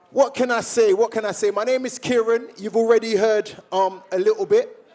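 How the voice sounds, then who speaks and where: A young man from Jamaica giving a motivational speech to a live audience, telling his story in a lively way and acting out old conversations. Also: high voice, moderate pace. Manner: animated storyteller who acts out remembered dialogue. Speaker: public speaker. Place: awards event room with audience.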